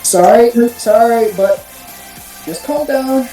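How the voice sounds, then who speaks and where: A woman's voice: a little high, slow, mellow, faint music behind, pitched above the performer's own voice. A woman voicing a composed young superhero heroine who speaks in an apologetic but firm way. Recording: echoey room.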